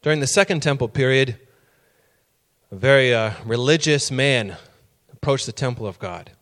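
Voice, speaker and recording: A man's voice: medium pitch, normal speed, a bit bright. A middle-aged man preaching a sermon, telling personal stories and building to emphatic, raised passages.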